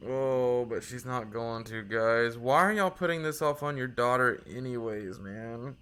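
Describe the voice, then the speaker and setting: A man's voice: medium pitch, a little slow, a bit bright, smooth. A man commenting casually on a game he is playing, easygoing with incredulous asides. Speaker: gamer reading dialogue aloud. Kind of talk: casual let's play commentary.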